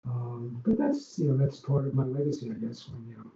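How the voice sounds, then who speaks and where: Animated and brisk, this older Long Island, New York man has a gravelly, dark, mid-range voice as he rambles through stories of his arena executive days. He's a casual interview guest who keeps restarting and saying um. Dull, roomy podcast audio with faint noise.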